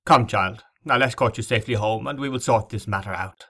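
A man's voice: on the low side, brisk, sharp tone, husky, exaggerated voice. A man playing a stern, commanding young nobleman in a storybook reading, speaking curtly. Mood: firm. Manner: curt, commanding.

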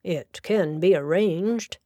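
A woman's voice: on the low side, slow pace, warm tone, no room sound, clean studio sound. A woman voicing a grey-bearded senior male solicitor, loyal and curt, in an audiobook. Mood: reminiscing. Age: older. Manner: curt, earnest.

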